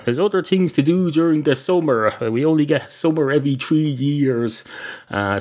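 A man's voice: medium pitch, a little mellow. A man hosting a solo comic show in a rambling monologue. His delivery is dry and self-mocking, and he wanders off on tangents with plenty of "uh". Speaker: podcast host.

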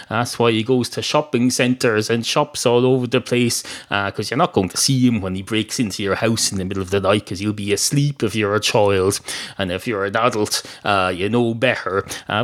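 A man hosting a podcast, telling a rambling comic story with many hesitations. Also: medium pitch. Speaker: podcast host.

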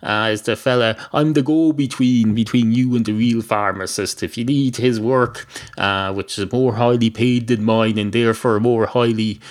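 A man's voice: medium pitch, steady tone, normal speed, natural voice. A man voicing a wordy, wry male pharmacy sales assistant in an improvised story. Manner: long-winded, wry explanations with uhs.

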